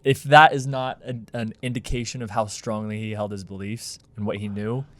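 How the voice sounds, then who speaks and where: A man's voice: lowish voice, fairly even intonation, moderate pace, dry recording. Earnest man arguing firmly on a podcast. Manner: earnest, firm, argumentative. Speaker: podcast co-host. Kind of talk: casual podcast chat.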